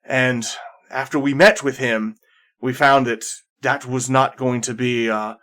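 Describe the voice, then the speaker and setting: A man voicing Miles, a weary male leader, who tells his story haltingly with many restarts. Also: medium pitch, fairly even intonation, sharp tone. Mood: solemn. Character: weary older male leader recounting past exile. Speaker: character voiced by the game master. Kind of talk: improvised tabletop role-play.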